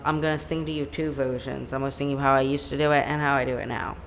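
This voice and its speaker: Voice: medium pitch, little pitch movement, quick pace, gravelly, few pauses, fairly bright tone, slight background noise. A musician chatting casually on a live stream from home, rambling and leaning on "like" as a filler. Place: home room with a plain white backdrop.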